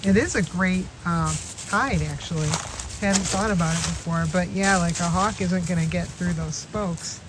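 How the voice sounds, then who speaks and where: Speaking at a moderate pace in a lowish voice, this woman makes a casual wildlife vlog from her backyard. She rambles and names the chipmunks and squirrels as she calls to them, with clear outdoor noise in the background.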